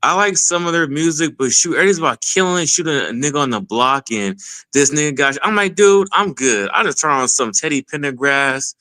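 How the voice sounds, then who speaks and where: A male guest chats easily, agreeing with the host. His voice is bright and edged, sitting a little high. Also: lively intonation, fairly quick. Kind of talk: casual chat.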